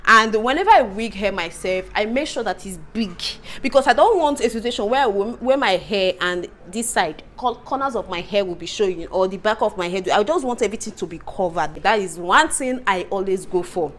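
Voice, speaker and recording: A woman's voice: medium pitch, fairly quick, hardly any pauses. Exasperated woman vlogging at home. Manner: animated, exasperated, laughs often, repeats herself. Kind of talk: casual vlog chat to camera.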